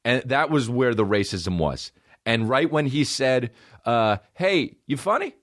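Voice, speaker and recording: A man's voice: mid-range voice, animated, unhurried, fairly bright tone. Profane rambling man telling a story. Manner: rambling, profane, acts out quoted people in shifting voices. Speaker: podcast host. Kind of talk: comedic storytelling.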